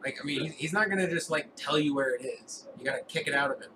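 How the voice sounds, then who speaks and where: A man narrating a tabletop game as game master, casual and halting. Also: on the high side, distant mic. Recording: noisy room recording.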